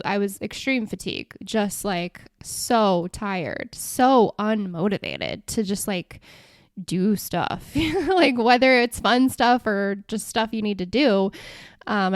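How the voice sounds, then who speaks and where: A young woman talks through her own podcast in a loose, chatty way. She comes across as enthusiastic and expressive, with frequent "like" fillers. Her voice sits in an ordinary middle pitch and sounds dry, with no room around it. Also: no echo. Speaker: podcast host. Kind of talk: casual solo podcast talk.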